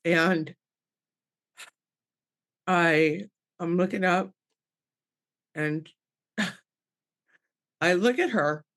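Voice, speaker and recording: Extremely slow, with long pauses, a middle-aged medium on a panel podcast relates an emotional story from her own life. Her voice is lowish and a bit bright. She voices the people she quotes, starts sentences over, and laughs through tears.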